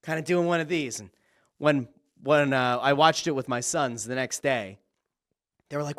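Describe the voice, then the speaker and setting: A man hosting a wrestling podcast in casual commentary, excitable and swearing freely, acting out his own reactions with quoted exclamations. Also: medium pitch, a little fast. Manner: uses profanity freely.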